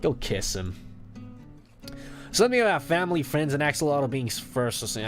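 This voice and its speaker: A man's voice: medium pitch, sing-song, fairly quick, soft background music. A man streaming as a VTuber, chatting casually with crude jokes, trash talk and frequent laughter. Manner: crude, joking, trash-talking chat, laughing often.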